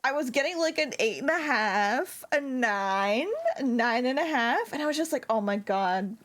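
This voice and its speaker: A woman's voice: sits high, animated, moderate pace, fairly bright tone. European girl streamer yapping casually, lots of likes and giggles. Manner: rambling, filler-heavy storytelling with frequent giggles. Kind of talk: casual gaming stream chat.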